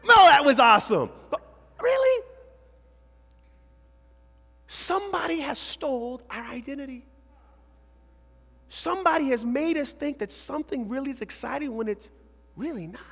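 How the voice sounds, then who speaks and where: A man preaching a lively sermon to young people as a youth pastor, swinging between shouts and hushed asides. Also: very high voice, normal speed, creaky. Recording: hall reverb.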